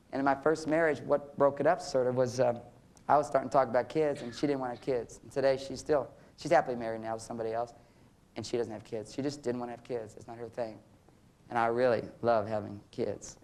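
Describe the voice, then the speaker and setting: Older man telling a personal story. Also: mid-range voice. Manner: candid, acts out quoted dialogue. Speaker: relationship author and seminar speaker. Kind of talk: personal storytelling talk to an audience.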